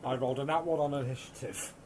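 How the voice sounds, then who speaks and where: A man's voice: medium pitch, fairly even intonation, fast talker, a little mellow, a little hiss or hum, rough recording. A man, playing a tabletop game, often laughing and explaining his moves. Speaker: player.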